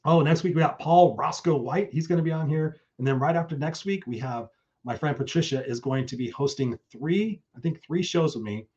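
A man's voice: on the high side, brisk, a little mellow, dull audio. A man hosting his own live stream, talking casually and effusively with some swearing, and reading out chat comments. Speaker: host.

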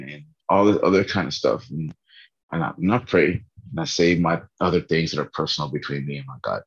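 A man's voice: deep voice, a bit bright, slightly rough, muffled recording. A tired man in a casual faith vlog, earnestly rambling about his morning prayer from his bedroom. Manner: earnest, rambling, laughs at himself.

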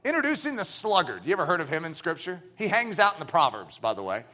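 A man preaching in a church with a high, bright voice that leaps all over the place. He is animated and throws himself into the voices he quotes, pushing hard on his main points. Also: quick pace. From United States. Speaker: pastor. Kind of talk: sermon.

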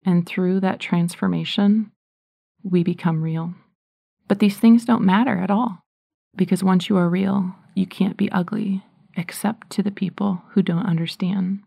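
A woman's voice: medium pitch, fairly even intonation, a little slow, vocal fry, dark tone, no echo, studio quality. A woman giving an earnest Catholic reflection on offering up suffering, sometimes dropping to a whisper. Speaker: Catholic speaker. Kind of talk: spiritual reflection.

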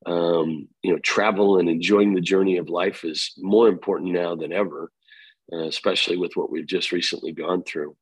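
Deep-voiced husky middle-aged guy, lively storyteller in an interview, dry close sound. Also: normal speed, no room sound, rough recording. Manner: energetic storyteller, quotes himself and others. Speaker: guest, real estate company founder. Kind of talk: conversational interview.

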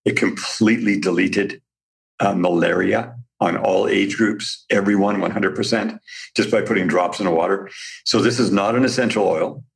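Man, very deep voice, gravelly, interview guest, eager storytelling, restarts. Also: fairly even intonation, normal speed. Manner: enthusiastic, storytelling with restarts and laughs. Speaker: guest, company founder. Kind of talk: casual interview talk.

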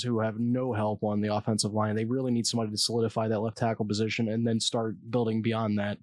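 A man's voice: lowish voice, dry recording, clean studio sound. A man giving casual, opinionated commentary on football draft picks, blunt and swearing at times.

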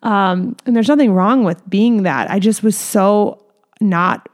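Woman in her thirties, mid-pitched, chatty reflective monologue, lots of "like" and restarts, earnest. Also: slow pace. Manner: rambling, many fillers and restarts, emotional. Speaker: hairstylist and salon owner.

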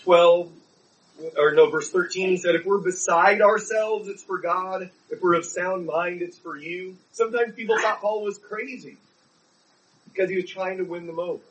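A man's voice: high-pitched, steady tone, normal speed, fairly bright tone, far from the mic, rough recording. A man preaching a sermon, telling a personal story in an earnest, pleading way.

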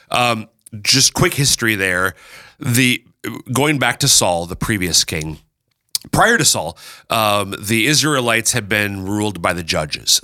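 A man hosting a casual chat, explaining Bible readings with lively, playful asides. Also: fairly low pitch, no echo, studio quality. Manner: lively, animated, breaks into playful character voices. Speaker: podcast host explaining scripture.

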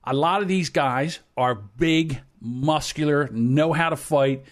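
A man's voice: fairly high pitch, takes it slowly. A man of about sixty co-hosting a podcast, telling a long story bluntly and with plenty of swearing. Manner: profane, blunt anecdote-telling. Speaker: podcast co-host. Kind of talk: casual chat, storytelling.

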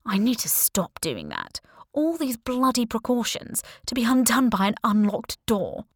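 A woman's voice: on the high side, very animated, unhurried, dry recording, full character voice. A flustered, rambling young man with a posh London accent, jumpy and easily sidetracked, voiced dry and close by a woman reading an audiobook. He sounds a little out of his depth. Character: lanky nineteen-year-old posh London lad, jumpy, scatterbrained.

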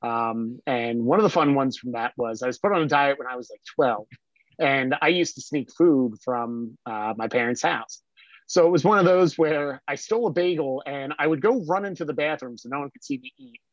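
A man's voice: mid-range voice, moderate pace, no echo, dull audio. A man from South Jersey, a podcast guest, telling stories in a rambling way full of fillers. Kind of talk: casual storytelling.

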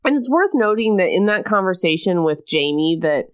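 A woman's voice: mid-range voice, sing-song, normal speed, smooth. A young woman co-hosting a casual chat, frank and chatty, laughing often. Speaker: podcast co-host.

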